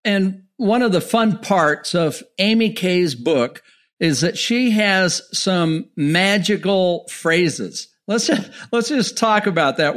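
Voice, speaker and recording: Casting: male podcast host, high pitch, friendly curious questioner. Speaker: interview host. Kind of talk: interview host.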